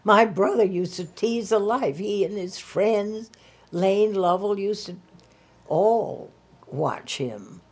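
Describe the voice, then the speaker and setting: An older woman being interviewed, recalling the past slowly and haltingly. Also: mid-range voice, animated, breathy edge. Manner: slow, halting recollection. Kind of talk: reminiscing in an interview.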